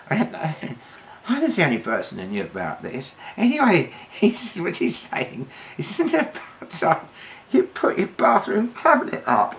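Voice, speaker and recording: A man's voice: medium pitch, a bit bright. An older comedian rambling through a one-man stage monologue, stumbling and restarting as he goes. His voice swings widely up and down, with a faint hiss of room noise behind it. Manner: rambling, halting, full of restarts. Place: theatre stage.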